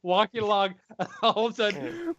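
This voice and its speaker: A man's voice: high-pitched, expressive, normal speed, fairly bright tone, dull audio. A man at a tabletop game, plainly explaining what happened with the dice to viewers. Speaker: player. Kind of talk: casual chat at a tabletop game.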